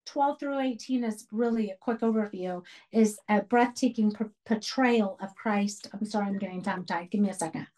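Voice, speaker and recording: A woman's voice: mid-range voice, normal speed, hardly any pauses, a little mellow, low-quality recording. A woman leading a Bible study for a women's group, earnest and emphatic, repeating key phrases as she teaches. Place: church radio program.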